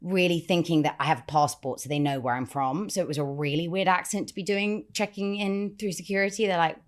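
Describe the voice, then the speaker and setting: A woman's voice: lowish voice, a little fast. A woman with an English accent chatting in an interview about learning accents, talking animatedly and swearing now and then. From England. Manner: animated, talks with her hands about accents, swears casually. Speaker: guest actor. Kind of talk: casual interview chat.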